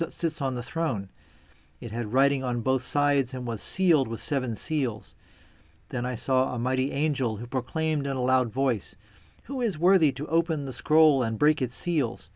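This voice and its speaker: A man giving a measured, reverent reading of scripture followed by a calm reflection, delivered deliberately for a church series. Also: medium pitch, no echo. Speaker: church reader and teacher.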